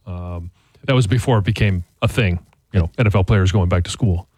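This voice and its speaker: Relaxed radio co-host. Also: male voice, low-pitched, a little fast, slightly rough, no echo, studio quality. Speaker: sports radio co-host, former football player. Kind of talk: casual sports radio chat.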